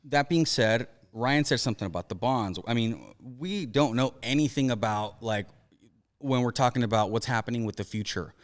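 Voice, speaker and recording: A man's voice: mid-range voice, moderate pace, long reverb tail. A young man hosting a podcast, chatting eagerly and enthusiastically. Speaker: podcast host. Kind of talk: casual podcast chat.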